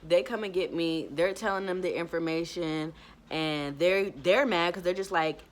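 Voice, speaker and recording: A woman's voice: lowish voice, moderate pace. A woman podcaster telling a personal story to camera in casual chat. She rambles with many "like" fillers and acts out what she said back then. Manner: rambling retelling, full of "like" fillers; acts out her own past words.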